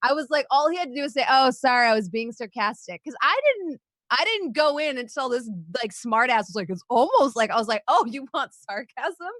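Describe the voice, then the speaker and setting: A woman's voice: high-pitched, brisk, dry recording. Sassy streamer woman ranting, dry close sound. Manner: sarcastic, animated, swears, acts out her replies. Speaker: podcast co-host and streamer. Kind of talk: casual chat.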